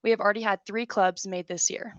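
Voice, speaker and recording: Fast-paced student reading a speech. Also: female voice, mid-range voice, dry recording, muffled recording. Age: teens. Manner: steady, recited delivery. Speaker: student government officer. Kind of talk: prepared speech read aloud.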